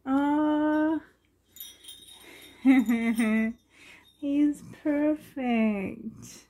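A woman's voice: high-pitched, very slow, warm tone. A woman collector gushing with delight as she unboxes reborn dolls for a vlog.

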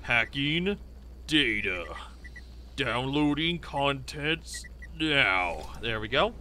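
A man giving excitable gameplay commentary, yelping, taunting and repeating phrases as he plays. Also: mid-range voice, very slow, a little hiss or hum. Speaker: gaming YouTuber. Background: game music.

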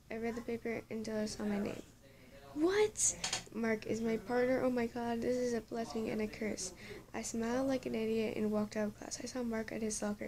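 A woman reading a fan story aloud, often tripping over words and correcting herself, with exasperated asides. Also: on the high side. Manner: stumbling reading with frequent self-corrections; breaks off into laughing, exasperated asides. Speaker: story reader.

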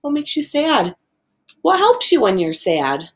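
Slow, sing-song woman teacher. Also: high-pitched. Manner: gentle, expressive, acts out each feeling. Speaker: preschool teacher. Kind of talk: lesson for young children. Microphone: video recording.

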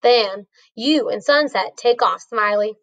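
A woman's voice: fairly high pitch, slow. Woman doing an easygoing cowboy. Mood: steady. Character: calm old-west cowboy man.

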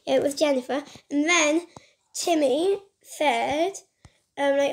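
A woman's voice: high voice, slow. A woman casually retelling a game story in a rambling, scattered way, recorded on a phone mic. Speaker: gaming vlogger.

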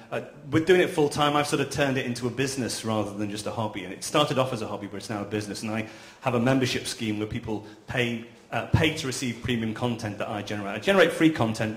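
Man, panel speaker, quick delivery, earnest explaining, roomy echo. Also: on the low side. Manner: earnest, explanatory, repeats words while building sentences. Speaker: full-time podcaster on a panel. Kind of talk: live panel talk. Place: event venue, indoors. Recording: echoey room.

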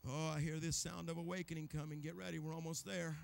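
A man's voice: on the high side, flat delivery, fast talker, vocal fry, a little hiss or hum. A man preaching a revival sermon in a church, telling stories dramatically and acting out the voices. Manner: dramatic, acts out voices, builds to shouting. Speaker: guest preacher.

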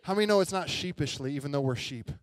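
A young adult pastor speaks fast with lively intonation and a voice on the high side as he preaches in a church sanctuary. He tells his story chattily and often asks the congregation questions, with no room sound.

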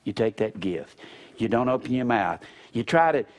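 A middle-aged man, preaching a sermon in church in a folksy storytelling way, acting out other people's words and swinging between loud and soft. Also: medium pitch, animated, normal speed, slight background noise. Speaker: pastor.

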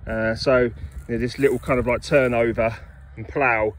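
A man's voice: mid-range voice, steady tone, normal speed, a little hiss or hum. A man giving a casual running commentary while metal detecting in a ploughed field, chatting to his finds and to his viewers as friends.

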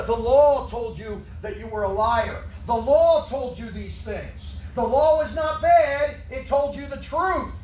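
A man preaching in a roomy church, his voice very high and heard from some distance off the mic. He fires questions at his congregation and drives his points home emphatically, rising to a shout at times. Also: slight background noise. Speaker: pastor. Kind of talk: sermon. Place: church sanctuary. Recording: echoey room, far from the mic.

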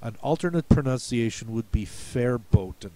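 Older american guy walking thru spelling words, easygoing, warm mellow tone. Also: mid-range voice, unhurried, no echo. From United States. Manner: patient, folksy, explains step by step. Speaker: spelling bee coach. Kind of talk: explanatory lesson voice-over.

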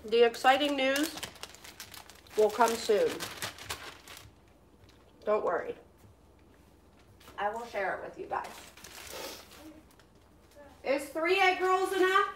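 A woman's voice: high voice, lively intonation, takes it slowly, long pauses, a bit bright, slight background noise. A woman in her thirties chatting casually to her viewers while cooking at home, laughing often and breaking off to talk to her kids. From Pennsylvania, US. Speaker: vlogger. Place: home kitchen.

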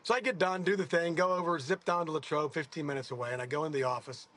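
Fast and fairly high-pitched, this man in his sixties, a golfer, tells loose, wandering stories in an informal interview. He's animated, and he keeps amending his own statements.

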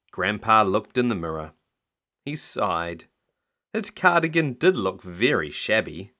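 A father reads a picture book aloud as a bedtime story. His voice sits slightly low, but its pitch swings widely in an expressive storytelling manner. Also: unhurried. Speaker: parent reading a bedtime story.

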